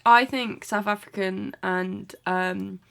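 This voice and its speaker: A woman's voice: medium pitch, fairly even intonation, creaky, a bit bright. English-accented woman podcast co-host. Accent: English, with faded traces of a Kiwi twang. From New Zealand. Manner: quick back-channel replies, laughs easily. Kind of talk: casual chat.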